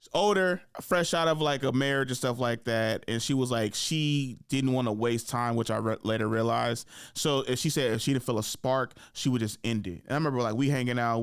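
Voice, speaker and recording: A young man hosts a casual podcast chat, telling stories in a relaxed manner, acting out quoted lines in a raised voice and laughing frequently. His mid-range voice is clear and resonant. The studio sound is clean, with no echo.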